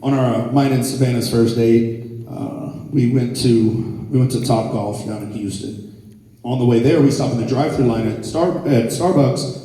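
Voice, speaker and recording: A man's voice: medium pitch, normal speed, mellow. A man, doing a crude, brash live stand-up set. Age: 40s. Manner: brash, crude storytelling to a crowd. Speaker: stand-up comedian. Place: theater stage. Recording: echoey hall from far off.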